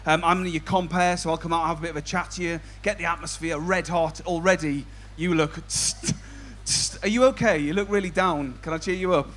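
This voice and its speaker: A man's voice: fairly high pitch, fairly even intonation, a little fast, few pauses, a little hiss or hum. Chatty young male comedy compere. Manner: chatty, self-mocking, loud announcing. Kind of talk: stand-up crowd work. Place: outdoor tent at a live gig.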